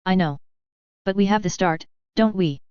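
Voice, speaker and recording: A woman's voice: mid-range voice, normal speed, clean tone, no room sound, natural voice. A woman voicing an earnest, wry young male lord who speaks dryly, on a dull lo-fi recording. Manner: dry, earnest.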